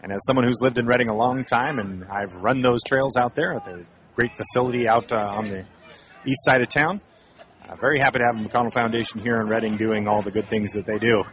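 A male play-by-play announcer calls a baseball game for radio in an easygoing, chatty way, drifting into asides between pitches. His voice sits at an ordinary middle pitch. The broadcast sound is a little muffled, with faint noise underneath. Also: brisk. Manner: relaxed, conversational calling with asides.

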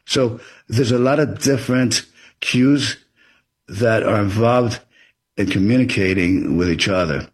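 A man's voice: lowish voice, measured pace, slightly rough. A man being interviewed as an author, explaining things in an earnest, advisory way. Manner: earnest and advisory, acts out example dialogue.

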